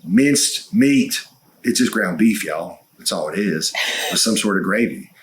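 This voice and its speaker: A man with a lowish voice and a drawl, chatting as a podcast co-host. He tells stories in a folksy, excitable way and swears freely. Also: measured pace, a little hiss or hum. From United States. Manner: folksy, profane, excitable storyteller. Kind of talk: casual chat.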